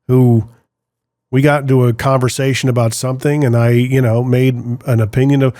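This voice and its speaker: A man's voice: medium pitch, level tone, fairly quick, dark tone, dry recording, studio quality. A man hosting a podcast in casual chat, agreeable, often answering with short agreement and telling his own anecdotes. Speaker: podcast host.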